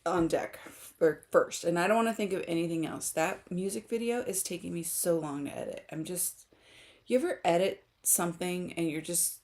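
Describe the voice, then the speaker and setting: A woman's voice: on the low side, moderate pace, a little mellow. A woman author chatting casually with her livestream viewers, rambling and giggling as she talks. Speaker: author streamer.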